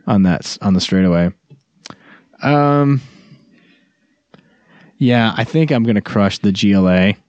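A man co-hosting a casual podcast, halting and restarting often, with dry humor. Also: lowish voice, lively intonation, a little mellow, no echo, muffled recording. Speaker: podcast co-host. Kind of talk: casual chat. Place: home blanket fort.

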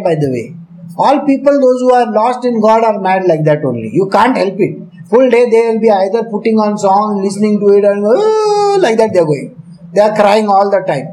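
A man leads a spiritual discourse with a fairly high voice. He talks to his listeners casually and keeps checking that they are following him. Faint room noise sits behind him. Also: warm tone, poor audio. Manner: conversational, often asks the listeners questions, laughs while teaching. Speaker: spiritual teacher.

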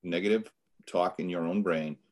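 Deep-voiced man with a Boston accent. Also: moderate pace, darkish tone. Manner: earnest, motivational, repeats words when starting a thought. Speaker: business coach guest. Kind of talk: podcast interview.

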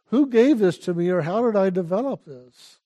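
An older man giving a calm, unhurried spiritual talk as a teacher, urging listeners to pay attention again and again. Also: high-pitched.

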